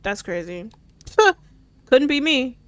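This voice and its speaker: A woman's voice: high voice, big pitch swings, takes it slowly, a bit bright, no room sound. Giggly woman gamer reading aloud. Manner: giggly, stumbles while reading aloud, casual swearing. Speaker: gaming streamer. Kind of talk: casual let's-play commentary.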